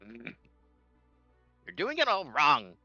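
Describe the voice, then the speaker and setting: An excitable little male kobold cook, squeals and rants in a shrill, piercing voice that leaps all over the place. He sounds loud and indignant, with a hard, bright edge. The sound is dull and lo-fi. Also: takes it slowly, dry recording, faint music behind, full character voice. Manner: indignant, stamping, very passionate.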